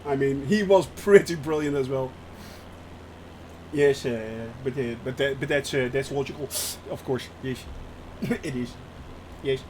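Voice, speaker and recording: A man's voice: medium pitch, measured pace, long pauses, background noise. A man with a Dutch accent chatting casually on a flight sim livestream, laughing often and repeating himself. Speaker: streamer.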